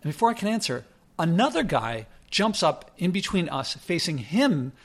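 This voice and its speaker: A man's voice: on the high side, big pitch swings, normal speed. A man casually telling a rambling personal story, often correcting himself mid-sentence. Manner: rambling, self-correcting, conversational.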